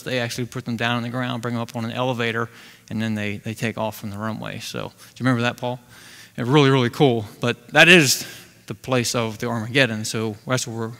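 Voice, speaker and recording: A man leads a Bible study, and his voice is bright and forward. He tells the stories in a chatty, animated way. The sound rings with the long reverb of a large hall. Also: medium pitch. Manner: conversational, animated retelling of scripture. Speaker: Bible teacher. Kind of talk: casual Bible study teaching. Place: church assembly hall.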